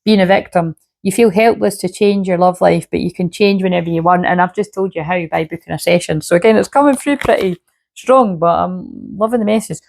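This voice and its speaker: A woman's voice: lowish voice, a little fast, vocal fry, a little mellow. A woman, a shamanic healer, rambling casually to camera at home with a sore throat, swearing freely and saying "you know what I mean" a lot. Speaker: shamanic healer and spiritual reader. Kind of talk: casual spiritual reading monologue to camera.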